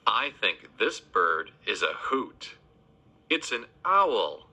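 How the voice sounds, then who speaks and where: A man teaching children animal names in a slow, sing-song voice, spelling each word letter by letter. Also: lowish voice, big pitch swings, pushed and bright, husky. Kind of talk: spelling lesson for kids.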